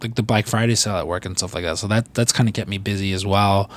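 A man's voice: fairly low pitch, steady tone, fast. A young man co-hosting a podcast in casual chat, rambling and swearing freely with lots of fillers and restarts. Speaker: podcast co-host.

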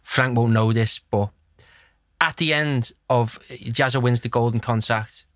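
A male host runs the interview, putting his questions to the guests briskly and eagerly. His voice sits at a middle pitch. The recording is dry and close. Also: fairly bright tone, no echo.

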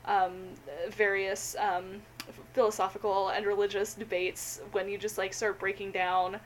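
A woman's voice: medium pitch, little pitch movement, a little slow. A young woman with a mid-range voice chats on a podcast, giggly and gushing, her talk full of fillers. Faint background noise runs under the lo-fi audio. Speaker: podcast co-host. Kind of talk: casual chat.

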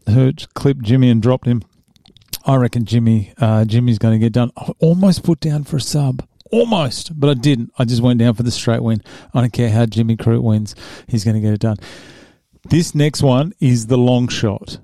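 A man's voice: mid-range voice, warm tone, no echo, studio quality. An Australian man hosting a casual talk show and giving fight picks, joking and rambling and stumbling over names. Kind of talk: casual chat.

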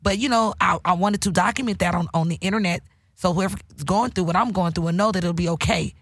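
A woman's voice: on the low side, fast, husky, no room sound. Candid woman podcast host, dry mic. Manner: emotional, preachy, heavy swearing. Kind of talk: candid casual podcast talk.

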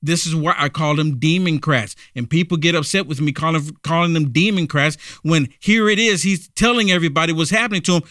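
Bright, emphatic male commentary host. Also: on the high side, a little fast, few pauses, no echo, clean studio sound. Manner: emphatic, repeats lines and asks rhetorical questions. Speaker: host of a political commentary show. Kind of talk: opinionated commentary.

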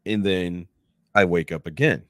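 Man, low voice, casual profane storyteller, dry close sound. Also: a little slow, no room sound. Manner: profane, animated retelling with acted-out quotes. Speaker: podcast guest.

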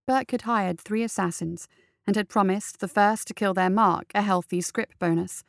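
With a mid-range voice, a woman narrates an audiobook in a steady, measured storytelling style. The recording is dry and of studio quality.

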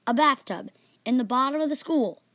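Brief: girl podcast storyteller, earnest, slightly high voice, dry close sound. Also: moderate pace, dry recording. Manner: earnest, animated reading with small slips.

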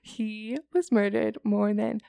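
Woman podcast co-host, tired, rambling storyteller, gravelly voice, dry sound. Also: medium pitch, fairly even intonation, slow, warm tone, no room sound. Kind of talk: casual chat.

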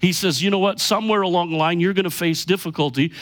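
Pastor, middle-aged man, high-pitched, emphatic sermon delivery. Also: fairly bright tone. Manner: emphatic preaching, slows down for key lines.

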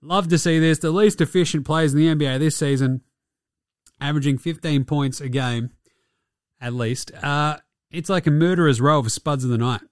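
Sarcastic Australian man, slightly high voice. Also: normal speed, dry recording, studio quality. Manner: sarcastic, profane, mocking. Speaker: basketball commentator. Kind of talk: casual sports recap.

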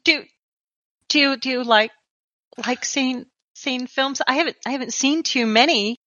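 A woman putting on a bright, stammering payroll clerk. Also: high voice, unhurried, dull audio. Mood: shy hopeful. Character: shy, eager young woman payroll clerk.

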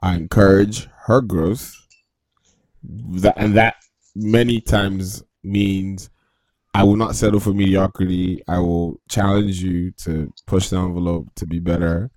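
A man co-hosting a casual chat, talking in a measured, reflective way. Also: sits low, fairly even intonation, a little mellow, no room sound.

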